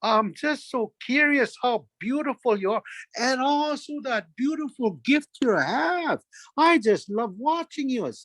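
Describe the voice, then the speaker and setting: A man voicing a sly, flattering male trickster who sweet-talks with a raised, drawn-out voice. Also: very high-pitched, no echo, voice pushed up, heavily acted. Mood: pleading. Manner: pleading, sweet-talking.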